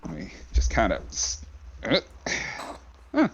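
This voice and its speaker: Low-voiced man chatting at the game table. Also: wildly swooping pitch, slow, gravelly, a bit bright, breathy edge, muffled recording. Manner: chatty, thinking aloud with restarts. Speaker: player character. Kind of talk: casual tabletop game chat.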